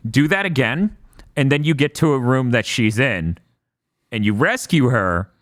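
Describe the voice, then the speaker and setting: A man's voice: medium pitch, a little slow, no echo, studio quality. A man co-hosting a casual game podcast, retelling game scenes with lots of swearing and acted-out lines. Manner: animated storytelling, acts out game scenes with swearing. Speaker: podcast co-host.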